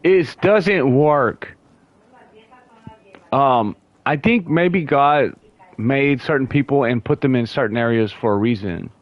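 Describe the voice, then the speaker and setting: Guy streaming a game, slow lazy rambling talk, keeps restarting lines, chuckles. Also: mid-range voice, no echo, muffled recording. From United States. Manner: slow, drawn-out delivery. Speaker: gaming livestreamer. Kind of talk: casual livestream chatter.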